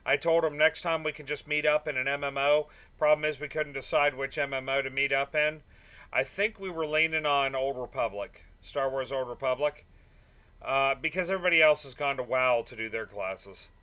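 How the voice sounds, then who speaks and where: A young man streams a space game and chats casually with his viewers, answering chat and often trailing off into "uh" and "um." His voice is medium-pitched and sharp in tone, delivered at a moderate pace.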